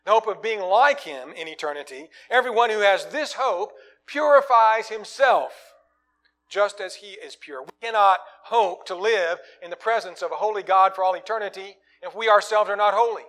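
A man preaching a sermon, swinging from loud, emphatic lines to quiet, low asides. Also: brisk, few pauses.

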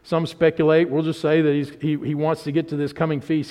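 A man's voice: a little high, steady tone, fairly quick, a little mellow. A man teaching a Bible study class, retelling scripture conversationally with frequent restarts. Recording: reverberant hall.

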